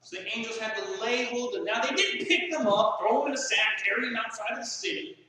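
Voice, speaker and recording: A man's voice: very high voice, a little fast, bright, forceful tone, a little hiss or hum. A man preaching a sermon as pastor of a small church, folksy and acting out the voices he quotes. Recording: echoey church hall from far off.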